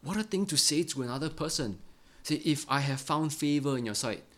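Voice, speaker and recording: A middle-aged man preaching a Bible-study sermon in an earnest way, often ending phrases with a quick "right?". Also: on the high side, lively intonation, a bit bright. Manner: earnest, ends many phrases with a tag question "right?".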